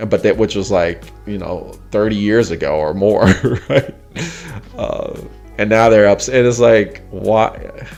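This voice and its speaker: A man in his forties talking casually as a host, laughing often and mimicking others in a mocking high voice. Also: gravelly, darkish tone. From United States. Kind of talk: casual chat.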